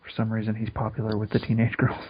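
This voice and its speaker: A man's voice: fairly low pitch, completely flat delivery, fast talker, husky. A young man co-hosting a podcast, joking along in a dry, laid-back way. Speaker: podcast co-host. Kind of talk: crude comedy banter. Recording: dull lo-fi mic.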